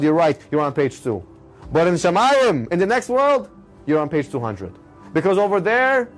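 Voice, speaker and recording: A man's voice: sits high, pitched above the performer's own voice. A man voicing an elderly rabbi who praises a struggling student with rising, emphatic enthusiasm. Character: elderly revered male rabbi, warm and encouraging.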